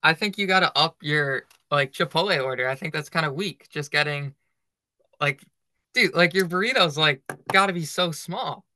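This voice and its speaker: A man's voice: fairly high pitch, moderate pace, sharp tone, no room sound. A young man co-hosting a running podcast, chatting casually and filling his talk with "like". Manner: filler-heavy, lots of "like". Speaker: podcast co-host. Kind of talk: casual chat.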